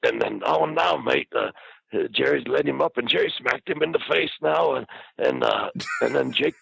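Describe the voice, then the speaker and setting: A man mimicking an excited male wrestler who narrates a scuffle blow by blow in a raised, slowed voice. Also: mid-range voice, gravelly, breathy edge, no room sound, voice pushed up, full character voice, low-quality recording. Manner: breathless running commentary, slowed and raised.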